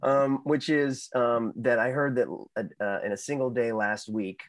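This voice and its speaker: A man co-hosting a podcast in relaxed, casual chat, full of ums and easy laughter. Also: mid-range voice, unhurried, no room sound, low-quality recording. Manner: easygoing, filler-heavy, laughs easily. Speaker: podcast co-host.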